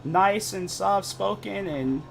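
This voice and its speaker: A man putting on a high mocking voice to imitate people who praise him. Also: takes it slowly, vocal fry, a little hiss or hum, heavily acted, poor audio. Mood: teasing. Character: people praising his soft-spoken manner, high mock voice.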